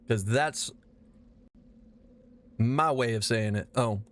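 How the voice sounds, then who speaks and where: A man's voice: mid-range voice, takes it slowly. A man streaming a game live, chatting casually with his chat, rambling and swearing as he plays. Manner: profane, animated, rambling.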